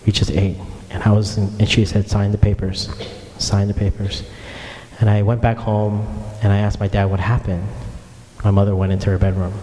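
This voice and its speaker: In a lowish, warm, level voice and a slightly quick pace, a pastor tells his own story earnestly during a sermon, addressing the congregation directly. Slight background noise sits under a long hall reverb.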